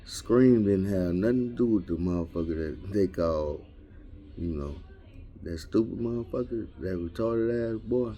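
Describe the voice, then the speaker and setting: A man's voice: deep voice, unhurried, warm tone, dull audio. A man doing a crude, rambling comedy rant full of slang and street storytelling. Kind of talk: raunchy improvised comedy rant.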